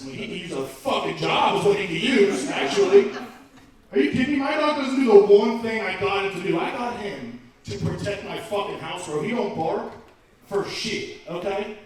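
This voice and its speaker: Man, stand-up comedian, profane, incredulous, high pitched, roomy distant sound. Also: fairly quick. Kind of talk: stand-up set. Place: comedy club. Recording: echoey club from far off, crowd.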